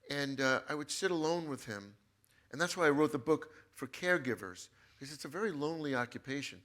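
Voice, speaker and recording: A man's voice: a little high, expressive, fairly quick, fairly bright tone. A man, a book author as a guest, telling an emotional personal story in an earnest way and repeating his phrases.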